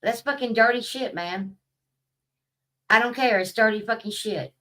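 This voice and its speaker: A woman's voice: fairly high pitch, normal speed, fairly bright tone, recorded from a distance, poor audio. A woman, talking in a blunt, profane, casual vlog rant and laughing at her own stories. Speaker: vlogger. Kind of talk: casual ranting monologue.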